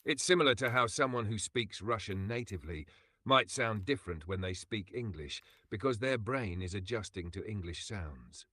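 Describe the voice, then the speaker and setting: A synthetic male voice assistant giving calm, patient explanations in a smooth, even manner. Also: lowish voice, moderate pace, hardly any pauses, no room sound. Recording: game sounds loud behind the voice.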